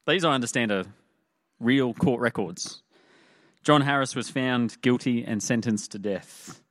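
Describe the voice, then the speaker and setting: A man's voice: medium pitch, unhurried, fairly bright tone, no room sound. Male preacher, dry close sound. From Australia. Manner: conversational, with frequent "uh" fillers. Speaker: pastor. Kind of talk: sermon.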